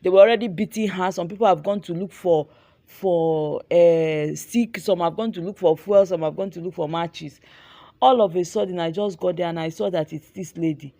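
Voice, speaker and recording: A woman's voice: fairly low pitch, normal speed, dark tone, no echo. A young Nigerian woman, a fashion designer and vlogger, animatedly retelling a dramatic story with lots of repetition. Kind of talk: storytelling vlog.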